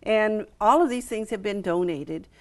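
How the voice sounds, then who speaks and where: A middle-aged woman with an American accent chats about a show she runs, her pitch sitting in the middle range. She talks eagerly, stacking details with frequent fillers and little restarts. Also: normal speed. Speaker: quilt show executive director. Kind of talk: relaxed interview chat.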